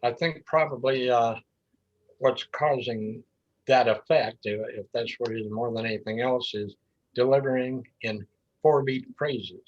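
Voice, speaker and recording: A husky-voiced man, a square dance caller, speaks over a video call. He counts out the beats and chants the calls as he demonstrates them. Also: mid-range voice, measured pace, dull audio. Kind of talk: online group discussion.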